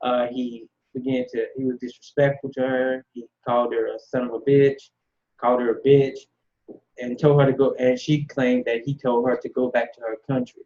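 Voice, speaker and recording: A man's voice: mid-range voice, little pitch movement, moderate pace, dark tone. A man giving blunt, dismissive casual commentary, recorded with slightly dull lo-fi sound. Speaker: commentary host.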